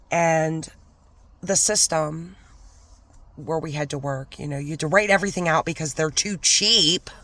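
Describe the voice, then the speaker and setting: A woman's voice: on the low side, a bit bright, no room sound. A woman vlogger rants her way through a storytime about a bad old job. She talks casually and heatedly, and drops now and then into whispered asides. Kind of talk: storytime rant.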